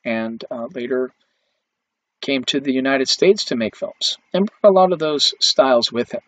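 A man's voice: medium pitch, lively intonation, normal speed, fairly bright tone. A man giving a conversational film history lecture, with many fillers and restarts. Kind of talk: recorded lecture. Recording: dull lo-fi, dry recording.

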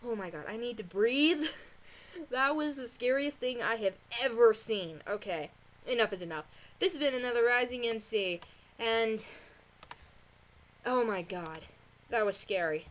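Excitable woman ranting to camera, higher voice. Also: unhurried, pauses often. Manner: excitable, rambling, gasping and exclaiming. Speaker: vlogger reviewing a TV episode. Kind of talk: casual rant review.

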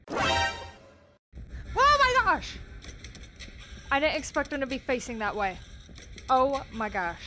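A young woman playing horror games on her channel, gasping and reacting out loud as she goes. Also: medium pitch, slight background noise. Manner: excitable, yelps and gasps. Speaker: gaming YouTuber.

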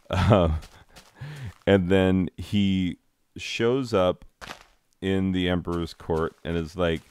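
A young American man, a high school teacher, chatting casually while playing a game, rambling with frequent laughs and silly acted-out quotes. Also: steady tone, slow pace, pauses often, darkish tone, clear, resonant tone.

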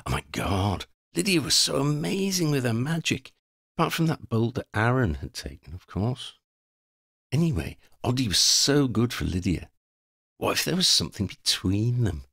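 A man narrating a fantasy story in an expressive, playful storybook reading. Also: medium pitch, moderate pace, creaky, slightly rough, no room sound, clean studio sound. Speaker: audiobook narrator.

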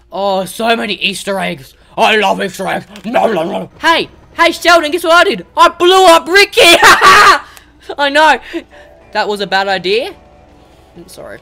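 Excitable woman gamer, lively and bright. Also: mid-range voice. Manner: excitable, chatters to game characters, bursts into shouts. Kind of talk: casual let's-play commentary.

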